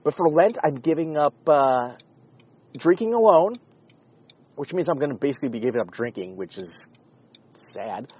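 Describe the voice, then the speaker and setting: A man hosting a podcast, talking in a rambling, sarcastic, profane comedic monologue with a husky voice. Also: a little high, lively intonation, moderate pace, long pauses, a little mellow, highs cut off. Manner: rambling, sarcastic, swears often. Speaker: podcast host.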